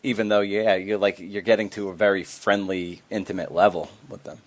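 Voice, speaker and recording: A man's voice: on the low side, level tone, a little fast. A man hosting a podcast interview, chatting casually and using "like" often. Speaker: podcast host. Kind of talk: conversational interview.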